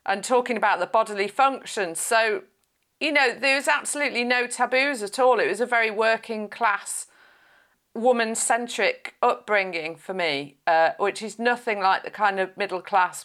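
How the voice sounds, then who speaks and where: A woman's voice: a little high, normal speed, fairly bright tone. Woman in her 40s, podcast guest, chatty and blunt, keeps laughing. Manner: frank, chatty, laughs often mid-sentence. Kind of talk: podcast interview chat.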